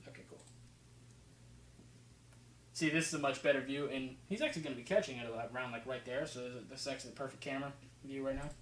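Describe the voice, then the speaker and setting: Male vlogger, slight New Jersey accent, mid-pitched casual commentary, faint room hum. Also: fast talker, pauses often, fairly bright tone, echoey room, low-quality recording. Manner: rambling, casual, fillers and restarts. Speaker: football film breakdown host. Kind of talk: casual commentary over game film.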